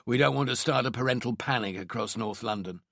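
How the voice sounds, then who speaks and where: Man doing a male detective inspector, measured, firm, raspy-toned, dry audiobook read. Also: mid-range voice, fairly bright tone, dry recording. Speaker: police team leader.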